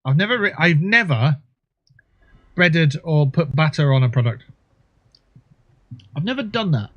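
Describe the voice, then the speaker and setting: A man hosting a casual gaming livestream, rambling with crude jokes. His voice sits somewhat high for a man. The microphone sounds dull and lo-fi. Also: expressive, unhurried, a bit bright. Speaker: livestream host.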